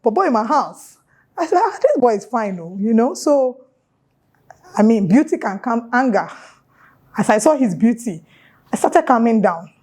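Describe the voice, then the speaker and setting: A young woman with a Nigerian accent recounts a story on her vlog. Her delivery is casual and animated, and she keeps dropping playful local asides into the telling. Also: a little high, normal speed, pauses often, breathy edge. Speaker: YouTuber.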